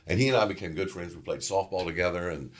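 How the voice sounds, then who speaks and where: A middle-aged man from Louisiana, a guest actor telling a story in an interview, animated and loose with conversational fillers. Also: sits low, fast.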